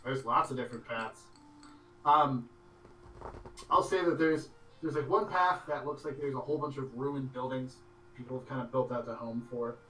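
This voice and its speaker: Bright-voiced man running a tabletop game. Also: medium pitch, reverberant, distant mic, a little hiss or hum, poor audio. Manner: loose, halting narration with many fillers and laughs. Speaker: game master.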